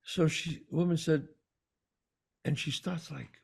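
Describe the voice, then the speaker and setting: Gravelly, husky man telling a story. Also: on the high side, steady tone, slow, a little mellow. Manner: emphatic, repeats words for stress. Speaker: podcast co-host. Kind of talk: casual storytelling chat.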